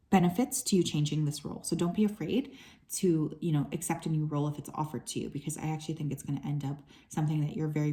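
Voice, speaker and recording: A woman doing a tarot card reading for her viewers, talking in a relaxed, chatty way with plenty of "um"s and asides. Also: low-pitched. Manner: relaxed and chatty, with frequent fillers and soft asides. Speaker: tarot reader.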